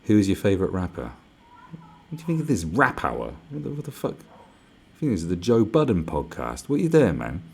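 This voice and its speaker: A man's voice: low-pitched, huge pitch swings, a little fast, creaky, slight background noise. Sweary man ranting on a livestream. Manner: profane, sarcastic ranting. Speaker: livestream host. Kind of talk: livestream rant.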